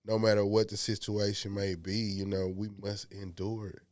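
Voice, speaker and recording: Relaxed male co-host who talks loosely; low, clear voice, dry recording. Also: moderate pace, no room sound. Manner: loose, filler-heavy phrasing. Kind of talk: casual interview chat.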